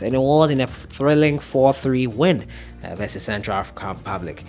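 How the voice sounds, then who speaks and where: A man hosting football news, giving opinionated commentary as he thinks aloud. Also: medium pitch. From Ghana.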